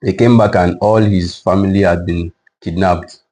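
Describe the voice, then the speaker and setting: A man co-hosting a faith-based conversation, speaking in a measured, preaching manner. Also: deep voice, steady tone, a little mellow. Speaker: co-host.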